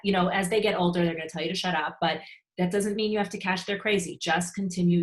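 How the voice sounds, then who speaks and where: A woman's voice: lowish voice, brisk. A woman giving parenting advice in a frank, conversational online talk, acting out short parent and child exchanges. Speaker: parenting speaker.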